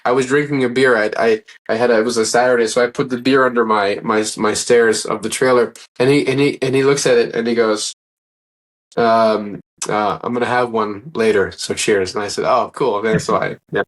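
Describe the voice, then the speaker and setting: A man's voice: mid-range voice, fairly even intonation, brisk. Earnest, rambling man telling stories. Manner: earnest, rambling, acts out quoted dialogue. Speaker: interview guest, actor. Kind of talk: casual interview storytelling.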